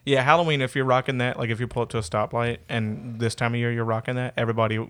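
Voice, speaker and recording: A man's voice: medium pitch, little pitch movement, fast, a bit bright. A man hosting a casual podcast chat, joking around and laughing often. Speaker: podcast host.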